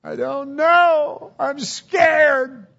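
A tearful young wife, as a male preacher puts her on, her voice raised well above his usual pitch. She pleads slowly and loudly, and the recording sounds dull and lo-fi. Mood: distraught.

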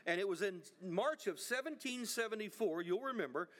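High-voiced man preaching a storytelling sermon. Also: expressive, a little fast, a bit bright. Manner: storytelling, with many repeated words and restarts.

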